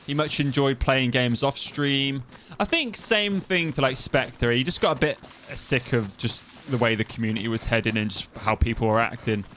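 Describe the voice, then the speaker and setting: A man's voice: medium pitch, moderate pace, few pauses, a bit bright, slight background noise. A young man from the East Midlands of England with an East Midlands accent, chatting casually and rambling while he streams a game. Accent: East Midlands English. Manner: chatty, rambling, trails off and restarts. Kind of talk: casual gameplay commentary.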